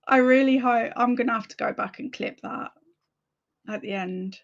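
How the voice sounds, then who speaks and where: Woman livestream host, casual chat, thinks out loud, slightly high voice, unhurried, dull lo-fi audio. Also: gravelly. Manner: chatty, thinks aloud.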